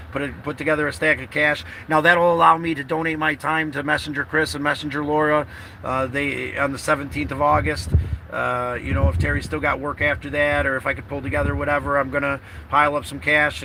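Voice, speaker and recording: A man records a casual vlog from a car, his voice sitting a little high. He talks in a heartfelt, rambling way and swears freely. Clear outdoor and road noise runs underneath. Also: sharp tone, rough recording. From New York. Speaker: vlogger. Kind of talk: emotional casual vlog talk.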